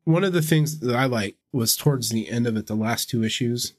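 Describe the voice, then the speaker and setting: A man co-hosting a comic book podcast in casual chat, thoughtful and measured. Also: mid-range voice, no room sound, clean studio sound. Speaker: podcast co-host.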